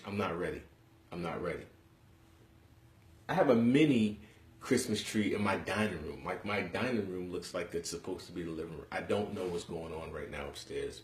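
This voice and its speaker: A young New man with a very low, deep voice hosts a casual live stream from home, bantering bluntly with viewers. He talks in animated slang. The room around him sounds echoey. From Harlem, New York City. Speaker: host of a live webcast.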